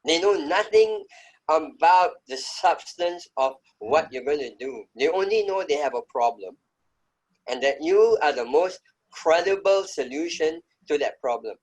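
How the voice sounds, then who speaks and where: A man's voice: on the high side, expressive, unhurried, poor audio. A middle-aged man speaking as an interview guest, telling his story in an emphatic, reflective way. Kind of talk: conversational interview.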